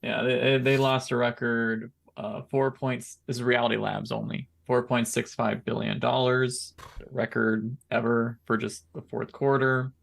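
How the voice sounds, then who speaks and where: A man's voice: medium pitch, level tone, measured pace, gravelly. A man co-hosting a podcast, reading out figures in a matter-of-fact way. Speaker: podcast co-host. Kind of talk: casual chat.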